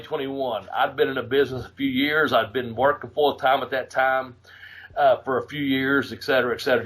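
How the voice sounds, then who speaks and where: A man hosting a podcast, telling a road story in a casual, profane, animated way, laughing as he goes. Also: medium pitch. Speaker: podcast host.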